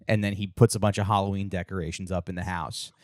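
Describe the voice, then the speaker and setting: A man's voice: low voice, steady tone, quick pace, dry recording, studio quality. A man co-hosting a podcast, telling a story in a rambling way with lots of fillers and restarts. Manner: acts out character lines in raised voices. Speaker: podcast co-host. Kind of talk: casual chat.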